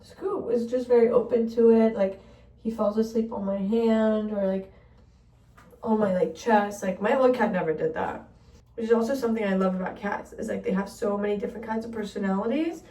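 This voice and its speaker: A young woman vlogs in a casual chat, rambling through a story and packing it with "like." Her mid-range voice is warm and a bit fast, and the recording sounds roomy and distant.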